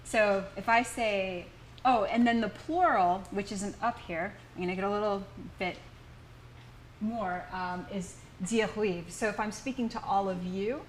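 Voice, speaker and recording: An American woman leads a small indoor class, patiently walking her students through each sound and inviting them to repeat it. Her voice sits at a middle pitch, with a faint hum of noise in the room behind her. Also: unhurried, rough recording. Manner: patient, explains sounds step by step. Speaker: language workshop teacher. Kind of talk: teaching a class.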